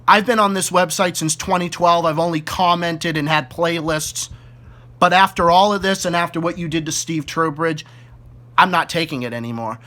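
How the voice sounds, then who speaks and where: A man's voice: on the high side, pushed and bright. A man with a Boston accent delivering an angry, profane rant straight at the camera, hurling repeated insults. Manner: furious, profane, repetitive insults. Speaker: YouTube ranter.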